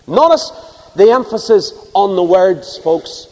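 A man preaching a sermon to a congregation, swinging from loud emphasis to hushed asides. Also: fairly high pitch, sing-song, normal speed, breathy edge, long reverb tail, rough recording. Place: church before a live congregation.

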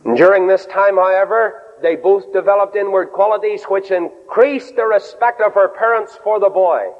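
A fairly high-voiced man preaches with animated swings in pitch. He acts out quoted voices and drops in wry asides. The old, muffled recording carries a long hall reverb. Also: normal speed. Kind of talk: sermon.

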